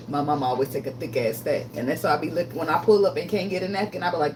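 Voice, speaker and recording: A woman's voice: low-pitched, quick pace, noisy background. Blunt, profane woman tarot reader. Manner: blunt, profane, emotional, laughs often. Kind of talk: casual tarot reading vlog.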